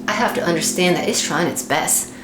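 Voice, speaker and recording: A woman with a lowish voice talks fairly quickly in a candid, casual vlog monologue, animatedly acting out her own inner voice. The recording comes from an echoey room with a faint hiss in the background.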